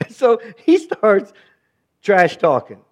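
A man delivers a sermon in a high-pitched voice, mixing scripture with wry, sarcastic asides. He swings between loud emphasis and hushed, chuckling remarks. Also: huge pitch swings, slow pace. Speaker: pastor.

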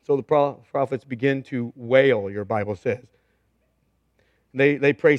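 A man's voice: mid-range voice, unhurried, pauses often, no echo. A man preaching a humorous, conversational sermon as pastor, joking and emphatic.

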